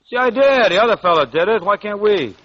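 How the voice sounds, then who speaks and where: A fast-talking schemer in a 1940s radio comedy, breezy and wisecracking with a lively, slightly high voice. It sounds like a dull old broadcast with faint hiss. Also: male voice, dry recording. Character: fast-talking scheming young male con man. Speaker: narrator and lead.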